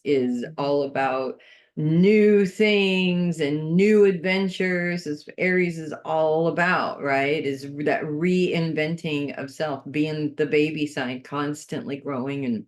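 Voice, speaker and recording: An astrologer giving a casual, unscripted weekly horoscope, chatting and thinking aloud while offering earnest advice. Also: mid-range voice.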